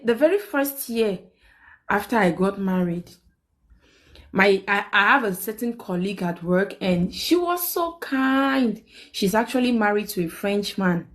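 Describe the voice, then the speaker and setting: A young woman, hosting a live stream and telling a personal story in casual chat. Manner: animated, quotes people with big pitch jumps.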